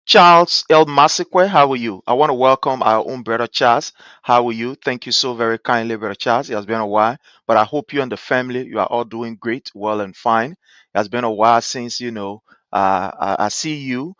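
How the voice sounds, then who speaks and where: A man's voice: mid-range voice, fairly quick, bright, forceful tone, dry recording. A man with a Liberian English accent hosting a live-stream talk show, greeting viewers by name with effusive thanks and pleading appeals. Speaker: livestream show host. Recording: dull, dry lo-fi stream audio.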